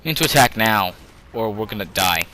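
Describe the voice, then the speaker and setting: This young man's casual commentary over a computer strategy game is rambling and jokey, and he often addresses himself. His lowish voice is animated, bright and forceful, moving fairly quickly. Poor audio carries a little hiss or hum.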